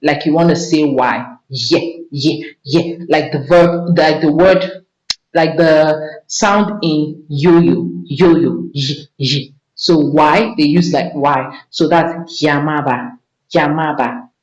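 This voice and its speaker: A woman leads a vocabulary lesson, speaking slowly and repeating each word patiently for her learners. Her voice sits at a middle pitch. It sounds roomy and echoey, with a dull, lo-fi recording. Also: steady tone, a little mellow. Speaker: Spanish teacher.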